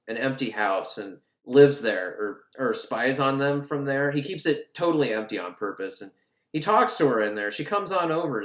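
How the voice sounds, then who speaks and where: A man's voice: medium pitch, fairly bright tone. A man casually and sarcastically recapping an old film, swearing and laughing, in an echoey room.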